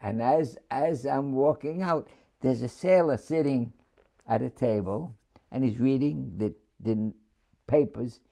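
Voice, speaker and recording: Older New man, gravelly veteran storyteller, chuckling, halting. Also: mid-range voice, dark tone. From New York City. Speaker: war veteran interviewee. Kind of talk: oral history storytelling.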